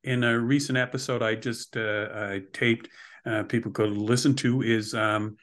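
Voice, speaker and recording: A man's voice: medium pitch, fairly even intonation, moderate pace, a bit bright. Male podcast host, hesitant speech. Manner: brief listening responses, hesitant when speaking. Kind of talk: casual interview chat.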